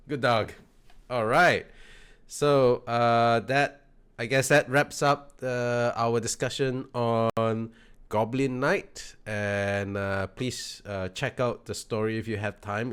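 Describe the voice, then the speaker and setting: Male podcast host, casual, calls on panelists, measured and smooth. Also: lowish voice. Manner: leads the panel, calls on each speaker. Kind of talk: casual book discussion.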